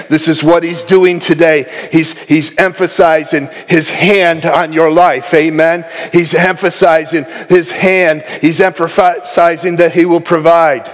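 A man's voice: fairly high pitch, level tone, unhurried, few pauses. A man preaching a sermon as pastor, often calling out "Amen?" to the congregation and building to raised, fervent passages. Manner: call-and-response, asks "Amen?" often. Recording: long hall reverb.

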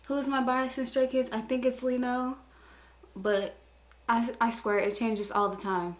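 Excitable young woman reacting to a video. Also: on the high side, unhurried. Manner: excitable, gushing exclamations. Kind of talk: casual reaction commentary.

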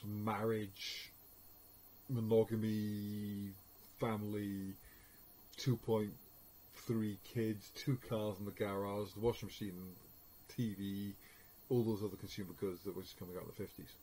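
A man's voice: lowish voice, darkish tone, slight background noise, poor audio. A man giving an informal media studies lesson, hesitating often with fillers. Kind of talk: recorded lecture.

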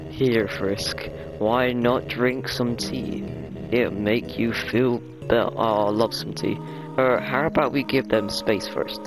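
A kind, motherly goat monster queen from a video game, as a man reads her lines aloud. She speaks slowly, with measured, formal diction at a middle pitch. Game music plays clearly behind. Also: lightly acted, poor audio. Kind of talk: voicing game dialogue aloud.

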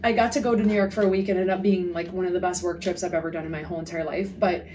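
A woman co-hosting a casual podcast chat remotely, excitable and swearing freely, with a slight lisp from her retainers. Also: fairly low pitch, racing, distant mic, slight background noise. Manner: excitable, swears, heavy use of "like". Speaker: podcast co-host. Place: remote, away from home studio.

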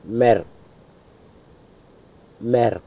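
A man from the Wadeye area of the Northern Territory, Australia, speaks a local language in a medium-pitched, gravelly voice. For a field recording he slowly and deliberately says each single word three times. The audio is a tinny, lo-fi field tape from 1990.

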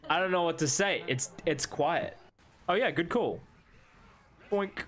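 A man casually chatting with friends while playing a co-op zombie game, excitable and jokey, yelping when things go wrong. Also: moderate pace. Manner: excitable, yelps high when in danger; laughs often, jokey. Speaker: gamer streaming co-op with friends. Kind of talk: casual gaming chat.

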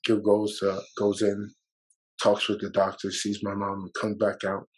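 A man's voice: lowish voice, monotone, a little slow, darkish tone, poor audio. A man guest on a podcast, telling a personal story in a loose, rambling way, with fillers and swearing, emotional and at times near tears.

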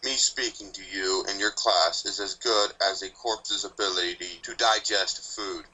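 A man's voice: sits low, fairly even intonation, measured pace, bright, forceful tone, exaggerated voice, low-quality recording. A man voicing a grumpy, ancient male Grim Reaper pony, speaking bluntly with dry sarcasm in a fan story reading. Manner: blunt, snappish, dryly sardonic.

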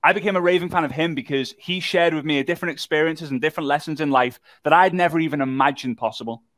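During a live online workshop, the presenter tells an animated, joking story and chats with his viewers. He talks at a quick pace in a voice slightly high for a man, captured close on the microphone in a dry recording.

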